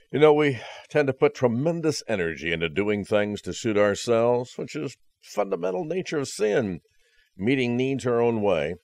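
A man's voice: lowish voice, a little mellow, no room sound. A man preaching a conversational sermon, earnest and direct, with dry jokes at the close. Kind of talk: radio sermon.

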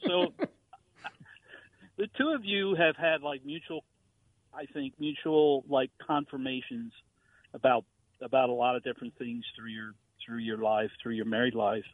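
A man calling into a radio show, friendly and halting as he searches for words. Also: mid-range voice, no echo. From San Antonio, Texas. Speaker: radio caller. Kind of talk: phone-in call. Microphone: telephone. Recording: tinny dry phone line.

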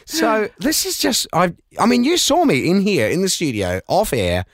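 A man's voice: sits high, big pitch swings, moderate pace, no room sound. A middle-aged man, a radio host in a studio, telling a story in casual chat and breaking into laughter often.

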